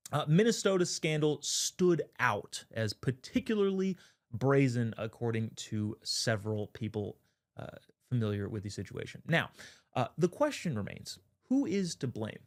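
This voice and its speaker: A male host delivering a political commentary monologue in a sarcastic, wry tone. His pitch swings widely and expressively from line to line as he drives his points home.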